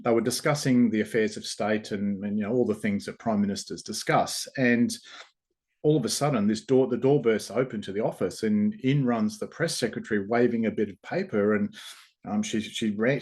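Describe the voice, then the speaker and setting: Male host, low-pitched, casual storytelling, loose rambling delivery. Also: fairly quick. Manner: relaxed, rambling, with fillers and restarts.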